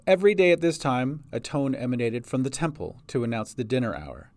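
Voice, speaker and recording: A man's voice: medium pitch, expressive, a little fast, darkish tone, no echo. A man reading a fantasy story aloud as narrator. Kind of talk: audiobook narration.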